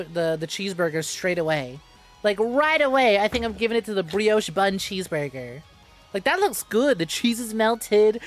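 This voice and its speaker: A woman streamer chats casually into a close mic, her voice sitting a little high. She rambles, swears freely and jumps from heated rants back to laughing. Soft music plays faintly behind her. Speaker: VTuber streamer. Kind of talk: casual live-stream chat.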